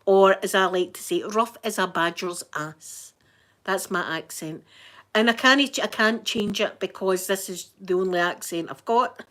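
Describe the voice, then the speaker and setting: A woman with a broad, thick Scottish accent rambles cheerfully to her livestream viewers. She talks in a mid-pitched voice, greets people by name and laughs often. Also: measured pace, fairly bright tone. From Scotland. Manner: chatty, laughs often, reads out viewer names. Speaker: livestreaming YouTuber. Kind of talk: casual live chat.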